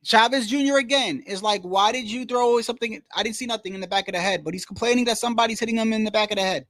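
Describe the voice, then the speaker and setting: High-voiced man giving slangy fight commentary. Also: racing, sharp tone, no room sound. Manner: slangy, says "bro" constantly, blunt and opinionated. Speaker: live-stream commentator. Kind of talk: casual live fight commentary.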